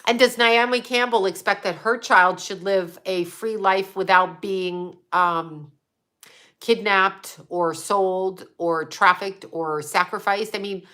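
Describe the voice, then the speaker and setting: Bright-voiced woman ranting profanely. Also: mid-range voice, steady tone, takes it slowly. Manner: profane, blunt, agitated. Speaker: host. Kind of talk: casual ranting commentary.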